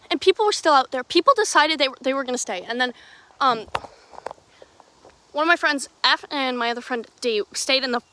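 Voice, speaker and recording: Bright-voiced young woman telling a rambling story. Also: high voice. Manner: rambling, swearing, restarts and fillers; lively, jumping from loud to hushed. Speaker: podcast host. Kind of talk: casual storytelling.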